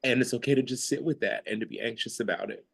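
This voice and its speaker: A man's voice: mid-range voice, quick pace, creaky, slightly rough. A man hosting a mindfulness class, sharing his feelings in a rambling, casual way with frequent laughter, heard over a video call. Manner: rambling, laughs often, lots of fillers. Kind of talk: casual, heartfelt group sharing.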